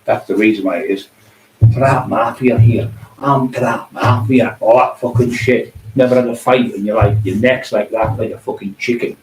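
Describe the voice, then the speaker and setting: A man's voice: on the low side, fairly even intonation, brisk, few pauses, darkish tone. A middle-aged man in an angry, profane, taunting rant. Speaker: vlogger. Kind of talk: angry ranting monologue. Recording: echoey distant room, faint hum.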